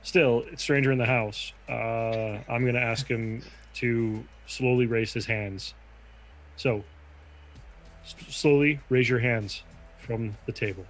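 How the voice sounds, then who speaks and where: A man's voice: medium pitch, steady tone, slow pace, rough recording. A man playing a tabletop game, speaking cautiously and in character. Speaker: player. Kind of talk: tabletop role-play.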